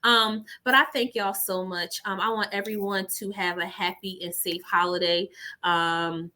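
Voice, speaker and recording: A woman hosting a podcast in casual, effusive chat, warm with thanks and full of "y'all". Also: mid-range voice, steady tone, a little slow. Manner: effusive and emotional, says "y'all" a lot. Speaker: podcast host.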